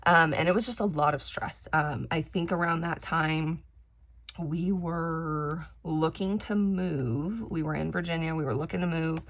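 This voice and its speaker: A woman's voice: low voice, steady tone, fairly quick, hardly any pauses, fairly bright tone. A woman in her thirties chatting candidly while crafting, rambling with many fillers and restarts, her voice slightly crackly from dry air. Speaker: craft vlogger. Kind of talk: casual chat while crafting.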